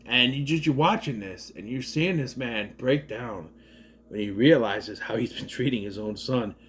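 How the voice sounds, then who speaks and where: A man casually retelling and reviewing a movie in a rambling, animated way with lots of fillers. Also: mid-range voice, moderate pace, a little hiss or hum. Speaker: video reviewer.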